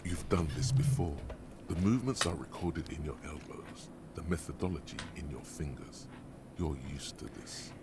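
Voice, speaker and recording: A deep, brooding inner voice. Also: male voice. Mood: wry. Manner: measured, often half-whispered. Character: the detective's brooding inner voice, male, wry and ominous. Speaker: game's inner-voice narrator. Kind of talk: scripted video game narration. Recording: game audio with noisy ambience.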